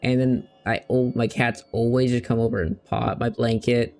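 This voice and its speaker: A man's voice: mid-range voice, little pitch movement, moderate pace, vocal fry, a little mellow. A man hosting a gaming video, chatting casually in a rambling, candid way and swearing now and then. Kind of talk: casual chat while playing.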